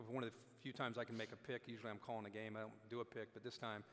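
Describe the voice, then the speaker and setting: A man telling a lively story as a guest speaker at a dinner event, acting out the quotes. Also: fairly low pitch, very fast. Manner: animated, acts out quotes. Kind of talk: storytelling on stage. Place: large hall at a dinner event. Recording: long hall reverb.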